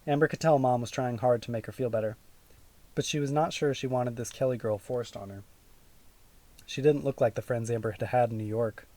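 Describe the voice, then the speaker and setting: A man reading a children's audiobook aloud in a steady, even storytelling manner. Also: medium pitch, a little fast, no echo. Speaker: audiobook narrator. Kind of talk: scripted narration.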